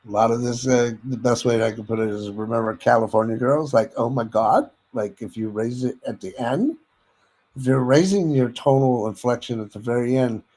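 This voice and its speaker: A man's voice: mid-range voice, darkish tone, low-quality recording. A man leading a sales training lecture, speaking directly to listeners, checking in with them and demonstrating vocal inflections as he teaches. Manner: instructive, addresses listeners directly with frequent "okay?".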